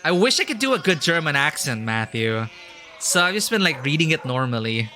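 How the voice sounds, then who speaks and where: A man's voice: on the high side, very animated, brisk, pushed and bright, a little hiss or hum. A man streaming a story game, chatting casually and thinking aloud with lots of fillers. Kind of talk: casual live-stream chat.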